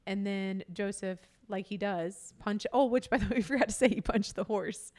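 A woman's voice: medium pitch, normal speed, darkish tone. Woman co-hosting a podcast, chatty movie recap, acts out the lines, laughs a lot. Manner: retells movie scenes, acting out quotes, laughs often. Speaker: podcast co-host. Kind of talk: casual chat.

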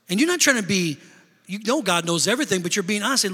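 A middle-aged male pastor preaching a sermon, storytelling and swinging between loud bursts and hushed confession. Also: high-pitched, lively intonation, rapid-fire. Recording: long hall reverb.

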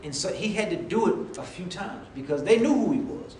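A fairly high-voiced man delivering a sermon, talking with his congregation and acting out his characters' lines. He sounds set back from the mic in an echoey room with faint ambience behind him. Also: lively intonation, a little fast, darkish tone, recorded from a distance, slight background noise. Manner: conversational preaching, acting out quoted voices. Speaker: preacher.

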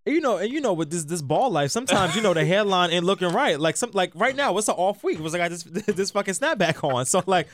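A man co-hosting a casual podcast, animated and profane, laughing often. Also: sits high, fast, hardly any pauses, dry recording, studio quality. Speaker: podcast co-host.

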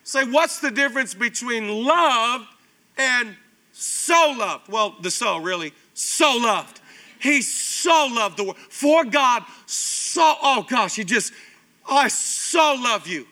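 A man in his thirties preaching a sermon as pastor, animated and conversational with lots of repetition. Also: extremely high pitch, takes it slowly. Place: church auditorium.

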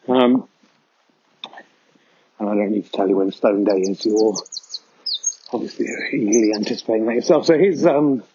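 A man's voice: on the low side, moderate pace, pauses often, mellow, slight background noise. A man delivering a rambling, mock-serious comedy monologue while walking outdoors through a foggy field. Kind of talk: deadpan absurd comedy monologue. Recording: dull lo-fi sound.

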